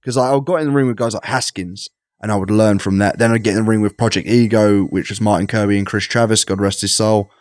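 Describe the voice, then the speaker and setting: A young British man in casual conversation, telling stories and acting out what people said in a higher voice. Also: fast talker, no echo, clean studio sound. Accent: British English. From England. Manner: animated storyteller, acts out quotes in a higher voice. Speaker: guest, pro wrestler. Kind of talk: casual podcast chat.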